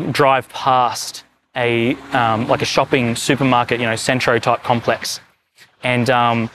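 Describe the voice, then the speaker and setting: A man's voice: mid-range voice, a little hiss or hum. A pastor telling a story in a sermon, rambling and correcting himself as he goes. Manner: rambling, self-correcting storyteller with many restarts.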